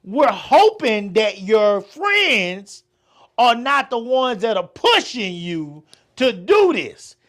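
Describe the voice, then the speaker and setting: A man's voice: sits high, very animated, slow pace, fairly bright tone. A man co-hosting a podcast in casual chat, frank and profane with emphatic delivery. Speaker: podcast co-host.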